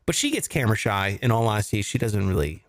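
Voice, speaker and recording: A man's voice: fairly low pitch, lively intonation, fast talker. A man hosting a casual comedy podcast from home, joking and laughing through playful rants. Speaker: podcast host. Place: home studio.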